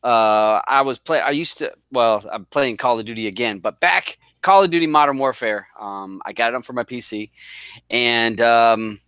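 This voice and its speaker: A middle-aged man from the northern US tells a long, rambling story with a bright, forceful edge to his voice. He jokes at his own expense as he goes, and the sound is close and dry. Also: medium pitch, expressive, moderate pace, clean tone, dry recording. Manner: rambling, self-deprecating, jokes around. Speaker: guest. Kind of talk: casual storytelling.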